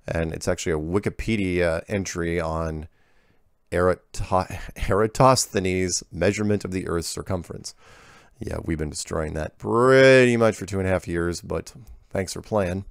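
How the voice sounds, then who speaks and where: A man's voice: low-pitched, moderate pace, gravelly, clear, resonant tone, no echo, studio quality. A man hosting a casual email Q&A show, reading viewer letters aloud with offhand, stumbling restarts and wry asides.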